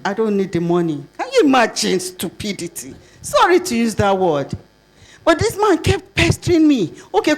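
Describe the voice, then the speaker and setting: An older woman with a Nigerian accent giving a conference talk, lively and asking the audience rhetorical questions. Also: medium pitch. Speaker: conference speaker.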